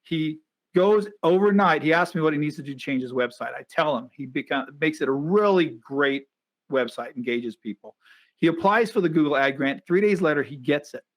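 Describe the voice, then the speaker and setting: Storytelling man with a higher voice. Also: fairly quick. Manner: lively storyteller who acts out quoted voices. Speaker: podcast host. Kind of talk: casual storytelling chat.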